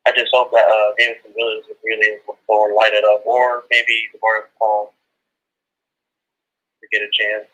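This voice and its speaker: A man's voice: lowish voice, little pitch movement, moderate pace, sharp tone, lo-fi sound. A male caller on a call-in show, offering an offhand, hesitant prediction. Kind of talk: phone-in chat.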